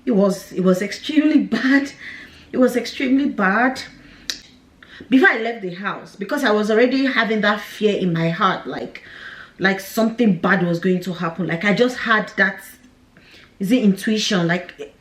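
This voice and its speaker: A woman's voice: mid-range voice, moderate pace, reverberant. A young woman, candidly and emotionally telling a personal story to camera, with nervous laughs. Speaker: vlogger.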